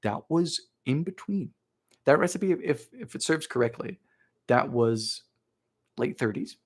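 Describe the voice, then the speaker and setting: Animated husky-voiced man. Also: mid-range voice, measured pace. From Bermuda. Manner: animated, playful, chatty. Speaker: baking show host. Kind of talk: casual live-stream chat while baking. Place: home kitchen.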